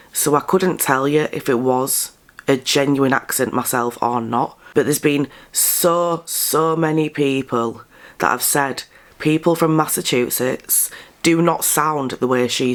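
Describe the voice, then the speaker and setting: An English woman giving blunt, sarcastic commentary as a vlogger, stressing words with sudden high jumps. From England. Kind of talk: casual commentary monologue.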